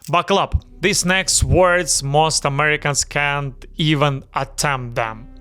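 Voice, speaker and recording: A man from Ukraine with a Ukrainian accent, hosting a pronunciation lesson and speaking slowly and deliberately, repeating words to demonstrate their sounds. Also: on the high side, pushed and bright, smooth. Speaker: YouTube host teaching pronunciation.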